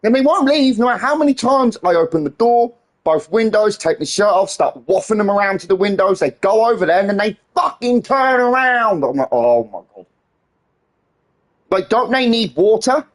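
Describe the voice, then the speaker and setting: A man's voice: high voice, expressive, fairly quick, few pauses. A man streaming a game, ranting in an exasperated, heavily sweary way. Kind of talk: casual live-stream rant.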